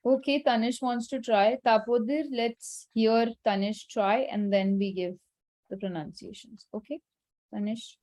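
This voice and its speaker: A woman leads an online French class. She speaks in a somewhat high voice, patiently instructive and gently firm. She sounds like she is on a video call. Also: fairly even intonation, a little slow. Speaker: French teacher.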